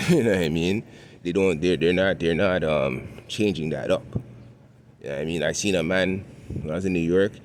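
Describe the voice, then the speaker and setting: Deep-voiced laid-back Toronto man. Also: normal speed, a little hiss or hum. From Canada. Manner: laid-back, chuckling, frequent "right?" tags. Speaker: vlogger. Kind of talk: casual walking vlog monologue. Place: outdoors, walking in the city.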